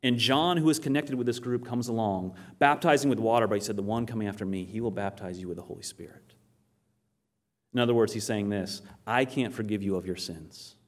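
A man's voice: on the low side, a little fast. A man from Maine with a northern Maine accent, preaching a sermon and telling stories, often asking the audience questions. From Maine, USA. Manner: storytelling, acts out quoted voices, asks the audience questions. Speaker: pastor.

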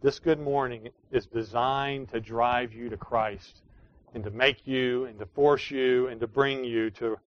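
A man preaching a sermon as pastor, earnest, moving between quiet pleading and emphatic declarations. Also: medium pitch, fairly even intonation, measured pace. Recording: dry, dull lo-fi sound.

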